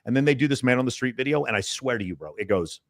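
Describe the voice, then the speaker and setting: A man's voice: mid-range voice, expressive, rapid-fire, no echo, studio quality. A man talking bluntly and emphatically as a dating coach on a panel discussion.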